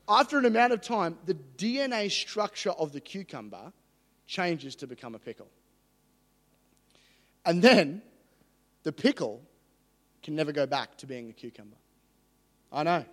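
A man preaching a sermon with energetic, jokey, excitable delivery. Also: fairly high pitch, unhurried, long pauses, in a large hall.

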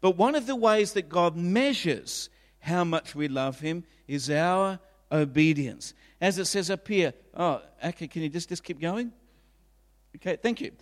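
A high-pitched man in his fifties delivers an emphatic, repetitive sermon as the pastor. His voice rings with the long reverb of a church hall. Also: unhurried. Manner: emphatic, repetitive preaching with acted quotes.

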